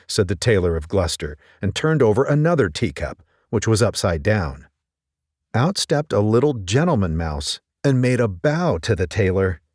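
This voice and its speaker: A man reading a children's story aloud in a gentle, expressive manner. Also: fairly low pitch, no room sound, clean studio sound.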